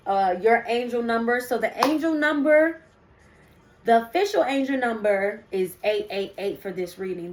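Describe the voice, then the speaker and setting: Over a rough recording, a young woman with a slightly high voice does a chatty spiritual card reading for her viewers. She rambles, adding many ums and asides.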